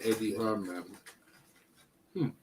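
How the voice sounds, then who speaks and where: A man's voice: lowish voice, slow pace, a little mellow, slight background noise. A man hosting a casual live boxing stream, chatting in slang and eating while he talks. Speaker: boxing channel host.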